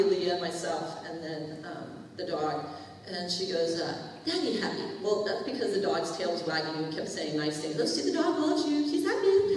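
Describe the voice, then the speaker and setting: A woman's voice: on the low side, slight background noise. A woman telling a personal testimony to a church audience, chatting in a storytelling way and acting out the lines people said. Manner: chatty storytelling, acts out quoted dialogue. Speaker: church speaker. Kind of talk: testimony to a congregation. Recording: echoey hall, distant mic.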